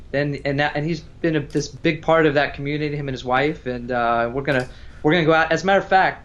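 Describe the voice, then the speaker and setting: A man chatting casually as a guest musician, telling a story in a rambling, self-interrupting way. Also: a little high. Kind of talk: casual livestream chat between songs.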